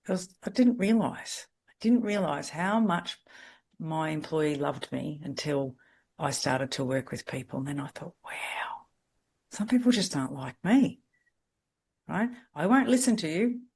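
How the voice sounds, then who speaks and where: Woman mentor leading a group coaching call; blunt, straight-talking, high energy. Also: animated, measured pace, creaky, darkish tone, husky. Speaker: salon business mentor.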